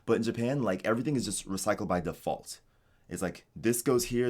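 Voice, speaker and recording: An American man in a casual interview, talking in a relaxed, rambling way with lots of "like". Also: sits low, a little fast. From United States. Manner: relaxed, rambling, heavy use of "like". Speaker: interviewee, game designer in Japan. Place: home streaming setup.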